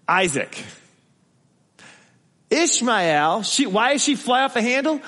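A man with a slightly high voice preaches to his congregation in a relaxed, conversational way, now and then slipping into the voices of the people he quotes. The sound rings out with a long hall reverb. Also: measured pace. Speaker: pastor. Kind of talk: sermon.

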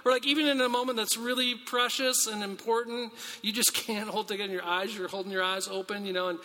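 Bright, high-voiced man preaching in a reverberant hall. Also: little pitch movement, a little fast. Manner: earnest, conversational, rhetorical questions, restarts. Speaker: pastor. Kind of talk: sermon with scripture reading.

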